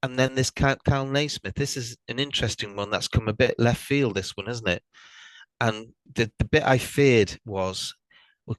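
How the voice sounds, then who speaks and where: A middle-aged Welsh man guesting on a podcast, speaking in a thoughtful, hesitant way with many pauses. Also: fairly low pitch, fairly bright tone, no room sound, poor audio. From Wales. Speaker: guest fan. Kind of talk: casual podcast chat.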